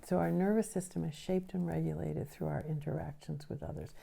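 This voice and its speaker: Woman educator, deep mellow voice, patient explainer who keeps checking in with listeners. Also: steady tone, brisk, vocal fry, husky. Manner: explanatory, often checks in with a tag question. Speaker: nervous system educator. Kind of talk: teaching a recorded lesson.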